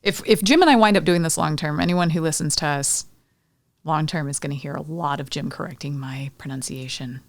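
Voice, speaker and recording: A woman co-hosting a casual podcast, chatty and blunt, quick to tease her co-host. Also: deep voice, dry recording, clean studio sound. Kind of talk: casual chat.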